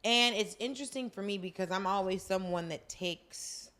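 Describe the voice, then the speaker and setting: Woman, podcast co-host, mid-pitched voice, reflective casual commentary. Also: normal speed, bright, forceful tone. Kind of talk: casual chat recapping a drama.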